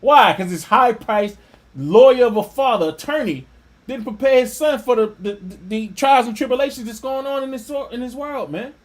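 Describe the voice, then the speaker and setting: A man reading an article aloud and breaking off into scornful, animated religious commentary. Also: very high-pitched, normal speed. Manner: animated, scornful asides with laughter. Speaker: religious teacher.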